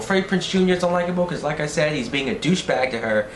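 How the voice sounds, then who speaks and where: A man's voice: fairly high pitch, quick pace. A man rants about a film in a loose, profane way, his voice jumping up when he gets annoyed. He sounds like he is recording in a bare, echoing room, with a faint hiss behind him. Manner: profane, exasperated, animated outbursts. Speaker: movie reviewer. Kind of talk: ranting film review. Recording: roomy echo, faint background noise.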